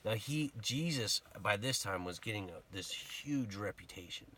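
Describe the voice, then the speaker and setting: Low-voiced man preaching conversationally. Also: normal speed. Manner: conversational and animated, acts out the people in the story. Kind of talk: casual sermon retelling a Bible story.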